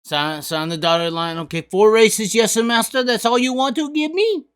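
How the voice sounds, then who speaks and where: Brief: a man playing a meek, groveling driver, soft and bright, all "yes sir.". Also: high-pitched, moderate pace, clean tone, voice pushed up. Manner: groveling, mocking. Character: fawning servile male racer signing a contract.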